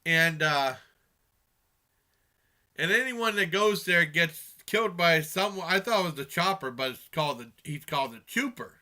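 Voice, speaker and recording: Bright, rambling man reviewing a movie. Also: on the high side, smooth. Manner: rambling, many fillers and restarts. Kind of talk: casual spoken movie review.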